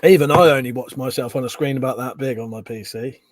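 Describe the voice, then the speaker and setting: A man's voice: mid-range voice, quick pace, no echo. A man, hosting a casual livestream at home, reading chat and swearing freely between chuckles. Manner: swears often, chuckles, mutters asides. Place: bedroom at home.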